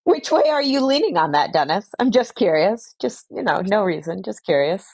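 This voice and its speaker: A woman's voice: medium pitch, animated, normal speed, a little mellow, dry recording. A woman co-hosting a podcast, asking playful, teasing questions. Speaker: podcast co-host.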